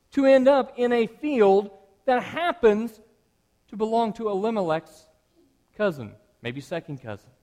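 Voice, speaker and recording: A middle-aged male pastor delivers a sermon with a slightly raised pitch. He talks it through conversationally, leaning into animated emphasis as he explains.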